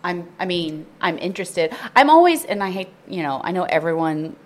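A middle-aged woman with a somewhat low voice chats casually on a talk show. She is talkative and pokes fun at herself. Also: sing-song, normal speed. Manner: self-deprecating, chatty. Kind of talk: casual chat.

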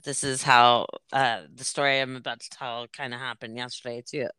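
A woman's voice: extremely low pitch, little pitch movement, normal speed, bright, forceful tone, clean tone, no room sound. A woman hosting a podcast in casual chat, rambling and laughing as she cuts herself off. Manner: rambling, laughing, self-interrupting. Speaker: podcast host.

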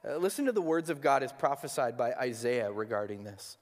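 A man's voice: mid-range voice, lively intonation, a little fast. A male pastor preaching a sermon, earnest and probing, asking his listeners rhetorical questions. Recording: hall with long reverb.

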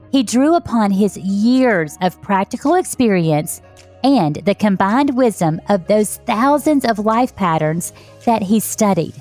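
A woman's voice: medium pitch, a little mellow. A woman from Texas, hosting a podcast interview in an enthusiastic, effusive way. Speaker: podcast host.

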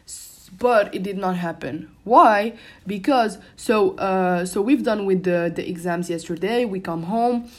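This young adult podcast host, a native French speaker, talks casually and a little slowly in a solo show recorded in her room at home. At a mid pitch, she wanders from point to point, with frequent restarts and filler words.

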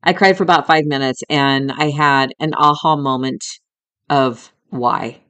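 A woman's voice: deep voice, fairly even intonation, unhurried, a bit bright. A middle-aged woman hosting a podcast, telling a personal story in a candid, emotional way, with some swearing and talking straight to the listener as a friend. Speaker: podcast host.

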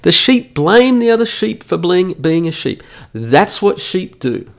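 Gravelly Australian man ranting profanely. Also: high voice, very animated, moderate pace, few pauses. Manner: profane, mocking, emphatic ranting. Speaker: podcast host. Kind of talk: ranting solo podcast monologue. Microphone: studio microphone.

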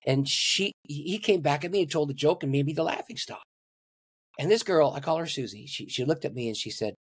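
Older male pastor, lively storyteller, slightly husky, dry close mic. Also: no room sound. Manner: animated storyteller, acts out dialogue with big pitch swings. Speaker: pastor and guest. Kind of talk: storytelling in a podcast interview.

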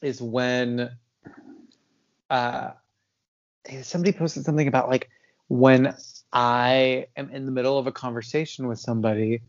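A man's voice: mid-range voice, steady tone, normal speed, pauses often, lo-fi sound. A man co-hosting a podcast in casual chat, tired and yawning, rambling with frequent laughs and fillers. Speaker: podcast co-host.

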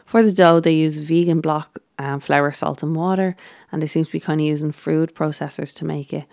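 A woman's voice: low-pitched, steady tone, moderate pace, gravelly, darkish tone, no echo, clean studio sound. A woman casually recapping a baking show, chatty and giggly, with lots of ums and restarts.

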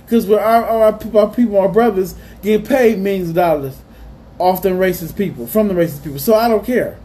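A man's voice: high voice, normal speed, mellow. A man hosting his own podcast, ranting in a heated, repetitive way and saying "man" again and again. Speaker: podcast host. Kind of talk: ranting monologue.

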